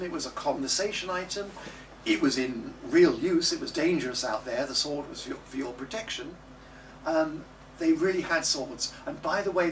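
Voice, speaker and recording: Animated guy coaching a singing class, fairly high voice, sings bits, far off mic in a noisy room. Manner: lively, coaxing, demonstrates by singing phrases. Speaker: music teacher. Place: classroom or studio. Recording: distant mic with background noise.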